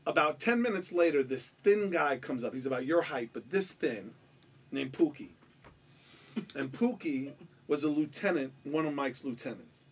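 A man from Queens with a New York accent, telling a story on a podcast in an animated, profane way and acting out the quotes. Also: a little high, moderate pace, breathy edge, far from the mic. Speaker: podcast guest. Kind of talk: casual storytelling.

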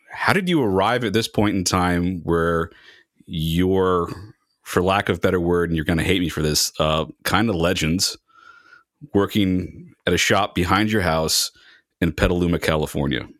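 A man hosting a podcast interview, chatty and full of fillers, with quick bursts of speech. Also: low voice, a bit bright, no room sound, clean studio sound. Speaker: podcast host. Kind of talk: casual interview chat.

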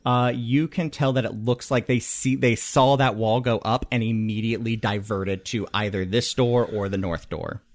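A man's voice: on the low side, normal speed, hardly any pauses. A man running a tabletop game as game master, calling out rolls and damage. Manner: lively, animated, calls out rolls and damage.

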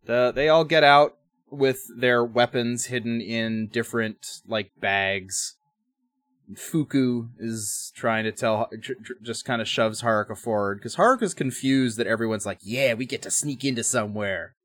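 A man's voice: mid-range voice, unhurried, fairly bright tone, no room sound. Man, podcast co-host, casual recap, wry rambling delivery, dry close sound. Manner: rambling, frequent restarts, wry asides.

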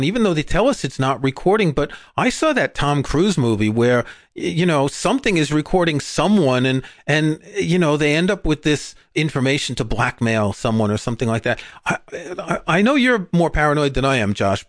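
A man from England co-hosting a podcast, chatting casually with quick jokes and asides. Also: fairly high pitch, no echo, studio quality. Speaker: podcast co-host.

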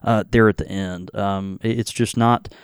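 A man's voice: lowish voice, fairly even intonation, normal speed, clear, resonant tone, no room sound, studio quality. A man hosting a casual whiskey tasting chat, rambling with many fillers and restarts. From American South. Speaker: podcast host.

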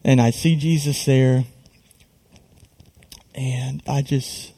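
A young man telling an earnest, halting personal testimony on a live stream, full of restarts and fillers. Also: medium pitch, steady tone, gravelly, mellow.

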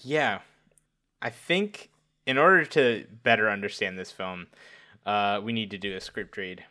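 Bright-voiced rambling male co-host. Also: fairly low pitch, a little slow. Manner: rambling, hesitant, with many fillers and chuckles. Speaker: podcast co-host. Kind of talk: casual podcast chat.

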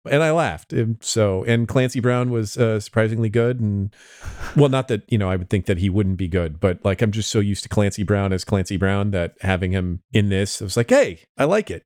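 A man's voice: fairly low pitch, brisk, a little mellow, no echo, clean studio sound. A man co-hosting a podcast, chatting casually and rambling with lots of hedges. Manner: rambling, hedging with fillers. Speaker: podcast co-host. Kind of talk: casual chat.

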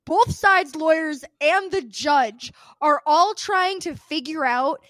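Female podcast co-host, high voice, exasperated ranter who swears and acts out quotes; dry, close recording. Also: slow pace, a bit bright, dry recording. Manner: ranting, exasperated, swears freely; acts out quoted people with shifts of voice. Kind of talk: casual podcast chat.

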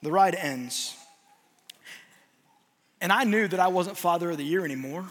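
A man giving a sermon as a guest preacher, telling a funny story on himself in an animated, self-mocking way. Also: high voice, normal speed, long reverb tail.

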